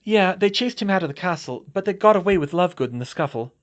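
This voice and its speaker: A blunt, cold young woman student, as a man puts her on in an audiobook, telling things flatly and matter-of-factly. Her voice is pitched a bit above a man's usual. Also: fast talker, highs cut off.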